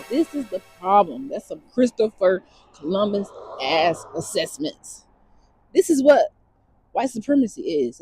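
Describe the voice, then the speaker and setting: A woman's voice: mid-range voice, warm tone, breathy edge, dry recording. A woman vlogger talking straight to camera in a blunt, emphatic rant, repeating her points. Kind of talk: casual direct-to-camera rant.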